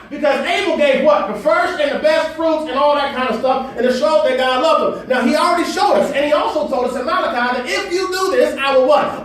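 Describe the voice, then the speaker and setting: A male preacher with a style, preaching to his congregation. His voice sits very high and builds to shouts. It comes from some way off the mic, in a with heavy echo. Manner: call-and-response preaching, rising to shouts. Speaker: pastor. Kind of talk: sermon. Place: church sanctuary. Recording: echoey room from far off.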